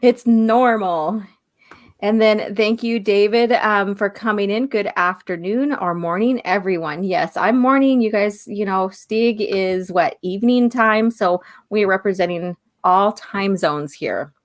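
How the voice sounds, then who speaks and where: A woman co-hosting a casual live-stream chat. She is slightly hoarse and losing her voice, and she giggles often while reading out viewer messages. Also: mid-range voice, measured pace, few pauses. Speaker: podcast co-host.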